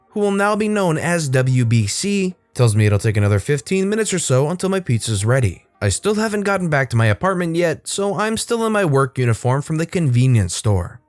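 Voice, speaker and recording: A man narrating a Reddit story for his channel in a fairly high voice. He reads with animation and changes voice for the people he quotes. The sound is dry and close, with faint music underneath. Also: dry recording.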